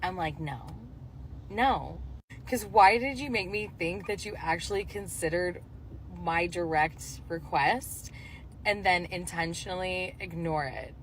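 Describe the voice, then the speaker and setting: A woman's voice: lowish voice, a little slow, a little hiss or hum, low-quality recording. A young adult woman telling a dating story casually, full of chatty "like" fillers.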